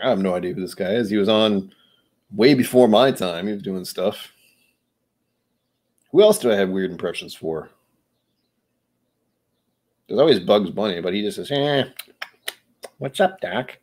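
Low-voiced male livestream host, a few whiskeys in, loose and self-deprecating. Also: lively intonation, normal speed, pauses often, a little mellow. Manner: loose, self-mocking, jokey asides. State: a bit tipsy from whiskey. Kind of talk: casual rambling livestream chat.

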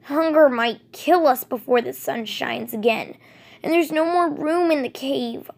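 A woman's voice: high-pitched, unhurried, gravelly, voice pushed up. Woman playing a proud old tomcat. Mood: earnest. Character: old golden tabby tom, proud, once noble.

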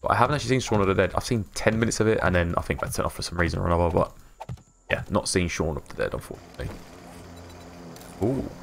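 British guy streaming a game, deep gravelly voice, mumbly and slurry, chuckles a lot. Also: fast talker, a little hiss or hum. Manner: mumbles and slurs words, laughs often. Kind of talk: casual live-stream chat while playing.

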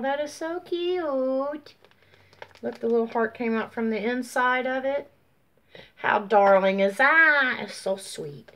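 A woman chatting casually as she shows off craft mail, gushing and drawn-out, sleepy and yawning. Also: a little high, fairly bright tone. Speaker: craft vlogger. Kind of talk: casual show-and-tell chat.

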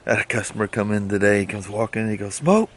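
A man talking casually in a daily vlog, relaxed and rambling, often chuckling. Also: lowish voice, racing, a little hiss or hum. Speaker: vlogger. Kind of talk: casual chat. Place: driving home, then at home outdoors.

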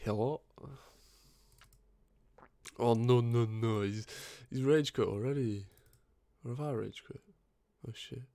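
A man's voice: mid-range voice, steady tone, slow, pauses often, mellow, no room sound. A British man streaming a game, bantering and swearing freely in voice chat. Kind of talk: gaming voice chat.

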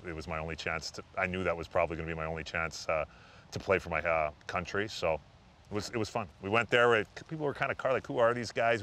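A middle-aged man, a retired hockey player as an interview guest, telling relaxed, self-deprecating stories with lots of fillers. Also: low-pitched, a little hiss or hum. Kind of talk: casual interview storytelling.

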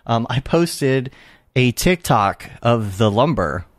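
A man's voice: mid-range voice, lively intonation, takes it slowly, no echo, clean studio sound. A man hosting a casual podcast chat, rambling a little and laughing often. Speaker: podcast host.

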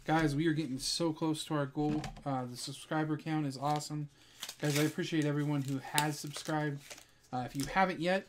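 An excitable man opening trading card packs at home for his viewers, keeping up friendly chatter and calling everyone "guys". When a rare card turns up, his voice jumps high and loud with delight. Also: noisy background. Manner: excitable, breaks into high-pitched shouts over good pulls; keeps addressing viewers as "guys". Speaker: card-pack opening channel host. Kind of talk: casual pack-opening vlog. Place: at home with a dog in the room.

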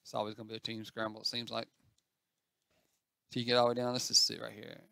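A man's voice: medium pitch, completely flat delivery, fast talker, gravelly, sharp tone, dry recording, clean studio sound. A man giving chatty, self-mocking commentary as he plays an online game, talking to the other players on screen. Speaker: gaming channel host. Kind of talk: casual gameplay commentary.

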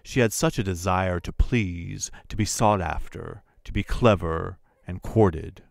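A man with a very low voice reads a classic story aloud, measured and deliberate. The recording is dry and close, with no room sound. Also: vocal fry, no room sound. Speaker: audiobook narrator. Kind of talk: scripted literary narration.

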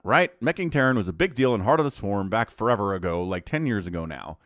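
Guy casting a game, animated and kinda sarcastic, big pitch swings, laughs a lot. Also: quick pace, no echo, studio quality. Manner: animated and incredulous, laughing often. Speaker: game caster. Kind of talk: video game commentary.

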